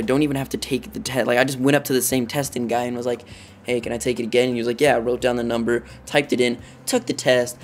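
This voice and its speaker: Excitable teenage boy telling a story. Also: mid-range voice. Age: teens. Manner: excitable, rambling, heavy use of "like". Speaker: vlogger. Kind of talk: storytime vlog.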